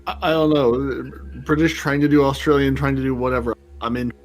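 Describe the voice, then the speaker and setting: A man's voice: medium pitch, fairly even intonation, a little fast. A man co-hosting a casual gaming podcast, dry and teasing in his banter. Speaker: podcast co-host.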